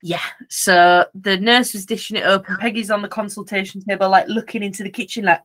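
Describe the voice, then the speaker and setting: A woman co-hosting a podcast, telling a story in lively casual chat, acting out voices, laughing and swearing. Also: medium pitch, a little fast, few pauses. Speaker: podcast co-host.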